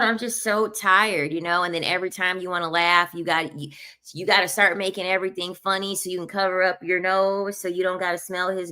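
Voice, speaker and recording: A woman's voice: lowish voice, bright, forceful tone, clean tone. A woman in her thirties giving blunt, emphatic opinions in a casual commentary, often repeating her points. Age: 30s. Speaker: online commentator.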